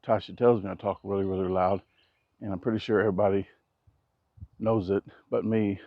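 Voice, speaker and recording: A man talking casually to camera while building outdoors, rambling and cracking jokes, keeping his naturally loud voice down. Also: fairly low pitch, steady tone, a little fast, no echo, phone-quality sound. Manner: joking, rambling, self-deprecating asides. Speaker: vlogger. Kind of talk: casual vlog talk to camera. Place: outdoors at a backyard building site. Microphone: action camera.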